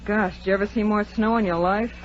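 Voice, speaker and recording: A woman's voice: mid-range voice, fairly even intonation, fast talker, natural voice. An actress playing a brassy, wisecracking young woman in a 1940s radio drama. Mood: joking. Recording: dull old radio recording with faint noise.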